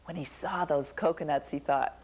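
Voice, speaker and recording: A woman telling a folktale to a young audience, animated and asking them questions. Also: sits low, moderate pace. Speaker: storyteller.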